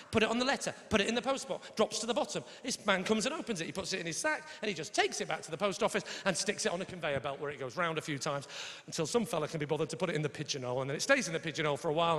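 Brash northern English stand-up comic. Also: male voice, a little high, fairly bright tone. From north of England. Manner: brash, sweary, rambling crowd work. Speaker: stand-up comedian. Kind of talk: stand-up comedy set. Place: large theatre with audience. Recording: echoey hall, audience noise.

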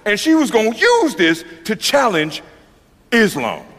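A man's voice: sits high, wildly swooping pitch, measured pace. A man doing a profane stand-up routine, mocking the story and acting out its characters. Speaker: stand-up comedian. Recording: long reverb of a hall, faint noise.

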